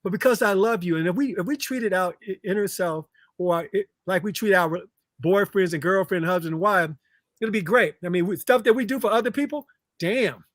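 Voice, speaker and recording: A man's voice: high-pitched, a little fast, no room sound, clean studio sound. A man, a relationship coach appearing as a guest, talking in an earnest, emphatic way and often repeating words. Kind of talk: casual chat.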